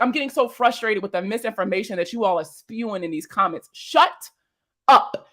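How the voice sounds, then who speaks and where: A young woman who makes finance content reacts to viewer comments in casual speech, blunt and exasperated, swearing and rattling off rhetorical questions. Her voice is mid-range and a bit bright.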